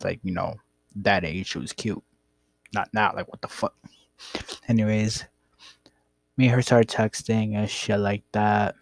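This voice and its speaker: A young man with a low, gravelly voice that has a husky edge rambles through a personal story in a laid-back, profane way. The sound is dry and close, with no room around it. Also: no echo. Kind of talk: casual storytelling.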